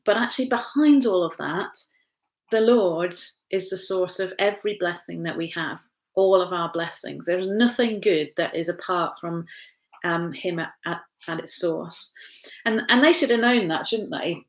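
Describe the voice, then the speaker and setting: A woman from England, a pastor leading an informal Bible study from home, chatty, with frequent tag questions, fillers and restarts. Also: on the low side.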